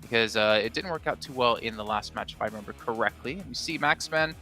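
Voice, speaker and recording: A man runs an esports analyst desk at speed, his voice sharp and bright. He throws teasing questions to his co-hosts. Faint music plays behind him. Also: medium pitch, fast.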